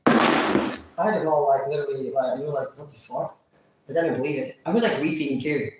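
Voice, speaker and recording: A man's voice: mid-range voice, brisk, recorded from a distance. A man telling a rambling, profane story about an ex, acting out the other voices. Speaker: vlogger. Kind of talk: casual storytelling. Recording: very echoey room, away from mic.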